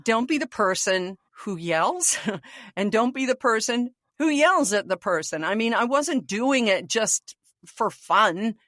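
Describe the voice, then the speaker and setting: A woman's voice: on the high side, unhurried, no room sound, clean studio sound. A woman in her sixties, a podcast co-host, telling a story in casual chat and acting out the voices of the people in it. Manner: animated storyteller, acts out voices.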